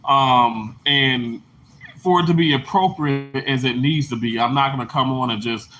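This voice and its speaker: A man streaming live to his viewers in casual, earnest chat, rambling with restarts and soft laughs. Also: mid-range voice, normal speed, rough recording. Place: indoors under lights at daybreak.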